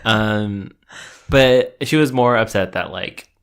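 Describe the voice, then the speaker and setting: A man's voice: on the low side, takes it slowly, clean tone. A man co-hosting a podcast, casually and hesitantly recapping a reality show. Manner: hesitant, full of "um" and "like". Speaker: podcast co-host.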